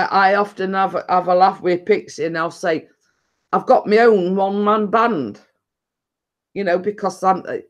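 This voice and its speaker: A woman's voice: fairly low pitch, muffled recording. A woman with a northern English accent chatting casually on a live stream, rambling and laughing often.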